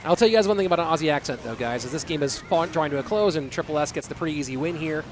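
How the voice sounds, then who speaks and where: A man's voice: a little high, very fast. A young man casting an esports tournament alone from his home office, chatting loosely with viewers between games. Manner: chatty, rambling, talks straight to viewers. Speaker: esports caster. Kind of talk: solo live-stream commentary and chat reading.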